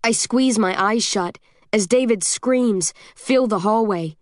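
A woman narrates a first-person audiobook in a steady, measured voice with a tense edge. The sound is dry and close, with no room around it. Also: mid-range voice, dry recording.

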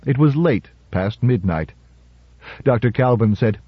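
A man narrating a story in a measured, dramatic audiobook reading. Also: mid-range voice, lively intonation, breathy edge, no room sound. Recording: slightly muffled audiobook recording.

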